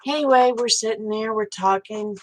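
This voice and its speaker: A woman's voice: fairly high pitch, moderate pace, low-quality recording. A woman, hosting a live stream and telling a story in a frank, chatty way, swearing casually and talking straight to her viewers.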